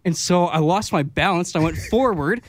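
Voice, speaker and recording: A man on a radio talk show tells an embarrassing story about himself. He sounds sheepish and giggly, and his voice is high. The sound is dry and close. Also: brisk, no echo.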